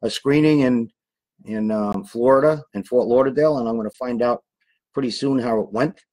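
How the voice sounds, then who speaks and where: A man's voice: medium pitch, moderate pace, a little mellow, poor audio. A man who is an actor, guesting on a podcast and rambling loosely about his projects. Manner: loose, rambling, easily sidetracked. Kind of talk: casual chat.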